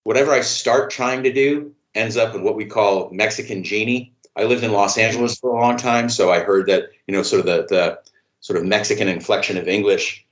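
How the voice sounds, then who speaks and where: A man's voice: on the low side, fairly even intonation, a little fast. A man talking as a podcast guest in a rambling, casual way, full of "you know" and freely swearing. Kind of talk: casual conversation. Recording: echoey room sound.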